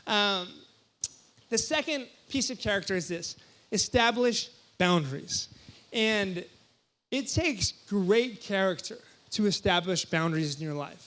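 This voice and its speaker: High-voiced young pastor preaching animatedly. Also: male voice. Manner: animated, jokey storytelling with sudden loud exclamations. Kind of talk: sermon. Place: church hall before a congregation.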